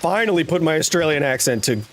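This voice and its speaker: A man's voice: a little high, expressive, quick pace, fairly bright tone, slight background noise. A man in his thirties giving chatty, rambling live commentary while playing a game, with jokey asides to chat. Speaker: streamer.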